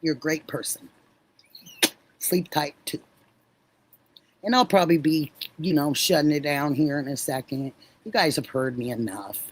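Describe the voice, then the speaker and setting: A middle-aged woman hosting a livestream, chatting warmly with viewers, effusive and laughing often. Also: sits low, moderate pace, pauses often, slight background noise, low-quality recording. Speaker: livestream host. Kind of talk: casual chat with live viewers.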